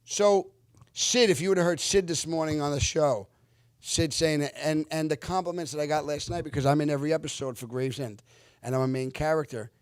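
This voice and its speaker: Animated man telling stories, dry sound. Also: on the high side, fairly quick, smooth, no echo. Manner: animated, lively retelling with acted-out quotes; earnest, reflective when giving life lessons. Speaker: actor guest. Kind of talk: casual storytelling interview.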